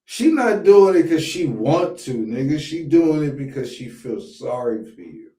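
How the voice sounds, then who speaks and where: Slow, blunt, profane podcast host man. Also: a little high, big pitch swings, dark tone, echoey room. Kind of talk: casual commentary.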